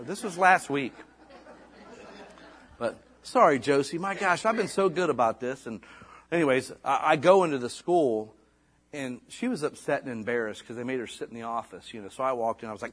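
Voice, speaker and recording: A man's voice: mid-range voice, expressive, fairly quick, fairly bright tone. A middle-aged man preaching a sermon in a casual, folksy way, full of asides and restarts. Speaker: pastor.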